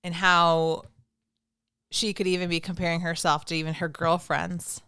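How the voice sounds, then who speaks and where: A woman in her forties chatting as a podcast guest, easygoing and quick to laugh. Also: lowish voice, level tone, pushed and bright, clean tone, dry recording, studio quality. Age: 40s. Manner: easygoing, laughs often, loses her train of thought. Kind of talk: casual chat.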